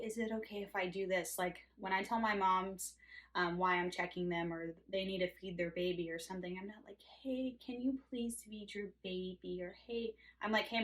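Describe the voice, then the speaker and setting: A woman's voice: fairly low pitch, a bit bright. A woman nurse telling a work story in an earnest, chatty way, with many fillers and restarts. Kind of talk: casual storytelling to camera.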